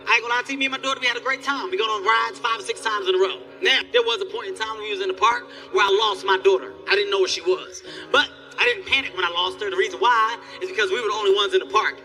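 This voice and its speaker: A man doing a stand-up comedy set, telling animated stories and acting out the people in them. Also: high voice, recorded from a distance. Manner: animated storytelling, acts out characters, yelling bits. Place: theater stage before a live audience.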